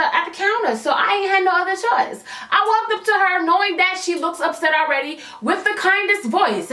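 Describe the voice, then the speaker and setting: A sassy woman vlogger tells her story in an animated, slangy way. Her voice sits high and sounds bright and sharp, and it bounces around an echoey room. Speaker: YouTuber. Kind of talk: storytime vlog.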